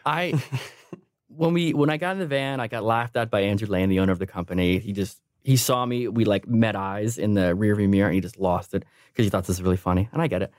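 A man in his thirties, a sound engineer guesting on a podcast, telling a funny story in a lively way and laughing often. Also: lowish voice, fast talker, dry recording, studio quality. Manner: animated, laughing while telling stories. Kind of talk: casual storytelling.

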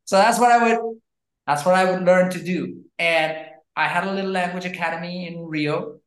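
A man chats animatedly as an interview guest and keeps the story moving with frequent fillers. His voice sits on the higher side, and the recording has a roomy echo. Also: moderate pace. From Brazil. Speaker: guest, language educator. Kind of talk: casual interview chat.

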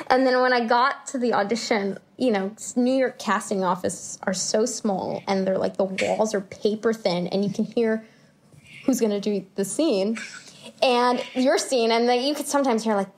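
A woman with a fairly high voice tells stories in an interview, animated and quick to laugh. She slips into her own past thoughts as little acted quotes. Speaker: actor guest. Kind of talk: conversational interview storytelling.

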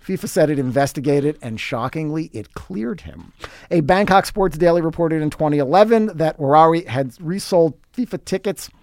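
A man delivers scripted sports commentary as a podcast host, his voice sitting a little high for a man. He is dry and sarcastic, dropping wry asides between facts. The recording is dry, with no room echo. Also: animated, normal speed, a little mellow.

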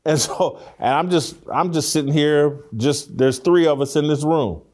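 A man's voice: on the high side, normal speed, darkish tone. A man hosting a talk show in a studio, giving blunt, emphatic opinions and repeating himself as he argues. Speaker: show host. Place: studio room with three people.

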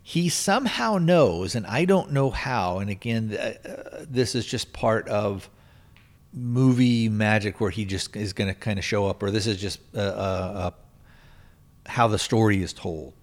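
Podcast host, male, lowish voice, loose rambling plot recap full of restarts. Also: unhurried. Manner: rambling, lots of restarts and "you know". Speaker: podcast host reviewing a film. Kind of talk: casual plot retelling.

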